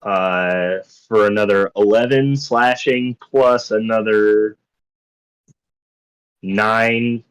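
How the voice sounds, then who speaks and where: A man's voice: lowish voice, steady tone, very slow, smooth, rough recording. A man running a tabletop game as dungeon master, easygoing and full of fillers.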